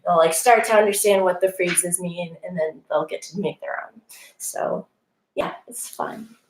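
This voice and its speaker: A woman's voice: lowish voice, unhurried, reverberant, rough recording. A woman French teacher talking casually to colleagues at a training, filling her speech with "like" and acting out her students. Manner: chatty, lots of "like" fillers, acts out kids' voices.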